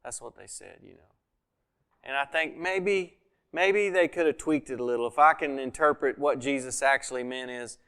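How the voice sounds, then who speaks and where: A male pastor preaches in a relaxed, conversational manner, slipping into quoted voices and swinging between near-shouts and quiet asides. His voice sits a little high for a man and comes through smooth and clear. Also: normal speed. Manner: conversational preaching, acts out quoted speech with sudden loud and soft swings. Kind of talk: sermon.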